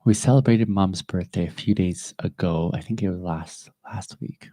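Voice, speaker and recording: A man with a very low voice speaks in an earnest, halting way, pausing and restarting as he reflects aloud on his podcast. He sounds emotional and close to tears. The recording is dry and close, with no room sound. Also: warm tone, no echo. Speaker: podcast host. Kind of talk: reflective personal monologue.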